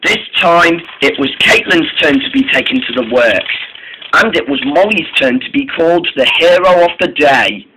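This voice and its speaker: A young man narrating a train story, halting often and restarting his sentences. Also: on the high side, expressive, background noise.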